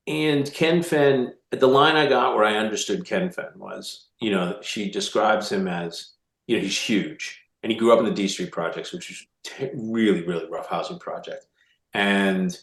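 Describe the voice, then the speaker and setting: A man speaking as an author guest in a casual interview, animated, with quick restarts and repeated words. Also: fairly low pitch. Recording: roomy echo.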